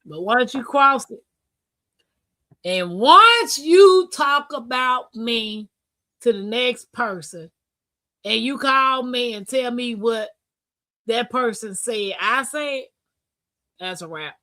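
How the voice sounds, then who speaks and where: A woman hosting a live-stream talk show, chatting casually, reading comments aloud and telling stories with animated bursts and laughter. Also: fairly high pitch, slow pace, long pauses, dry recording. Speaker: livestream host.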